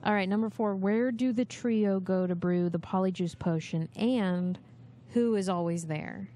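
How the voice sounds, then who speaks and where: A woman's voice: medium pitch, measured pace, warm tone. A woman hosting a podcast quiz, chatting casually and laughing easily from a couch in a busy venue. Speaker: podcast host running a movie quiz. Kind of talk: casual chat.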